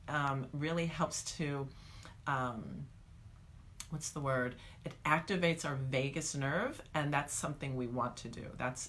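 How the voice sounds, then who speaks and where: A woman teaching a guided meditation, calm and coaching, speaking straight to the viewer. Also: sits low.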